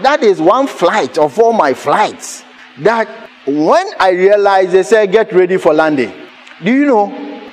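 A man preaching a sermon, telling a personal story with animated laughter and sudden shouted lines. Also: high voice, slight background noise.

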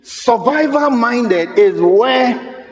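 A man preaching a sermon as pastor, impassioned, at times shouting and mimicking doubters. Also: extremely high pitch, animated, extremely slow. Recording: echoey hall with long reverb.

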